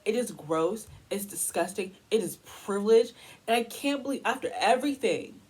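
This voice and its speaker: A woman's voice: medium pitch, lively intonation, moderate pace, a little mellow, husky, rough recording. A young woman from the United States delivering a heated, exasperated commentary rant as a vlogger.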